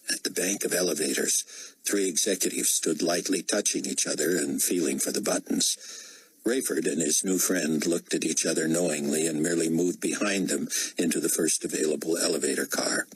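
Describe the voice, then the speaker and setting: A man reading an audiobook in steady, measured narration. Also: extremely low pitch, slight background noise, low-quality recording. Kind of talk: scripted narration.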